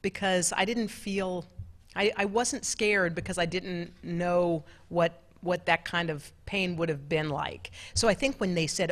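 Middle-aged woman telling stories at an event, laughs a lot, kinda low voice. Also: unhurried. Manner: lively, laughing, chatty storyteller. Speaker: television co-anchor giving a talk. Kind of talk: storytelling talk with audience Q&A. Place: large club event room.

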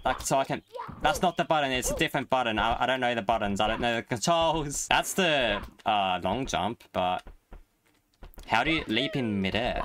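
A man's voice: mid-range voice, moderate pace, a little hiss or hum. A young man giving jokey live commentary while playing a video game, talking to the game and to his viewers. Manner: excitable, jokey, talks to the game and chat. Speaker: gaming YouTuber. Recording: game music behind the voice. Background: game music.

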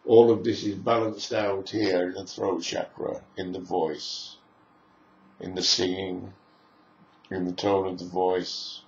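A man with a low, gravelly voice gives a spoken lecture in a level tone, musing unhurriedly and stringing together long lists of phrases. The recording is roomy, echoey, a little dull and lo-fi, with a faint hiss beneath it.

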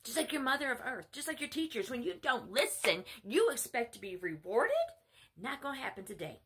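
Female preacher, scolding sermon delivery, sharp and husky. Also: high voice, sing-song, fairly quick. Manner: blunt, scolding. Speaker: self-styled spiritual mother preaching. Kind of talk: sermon monologue.

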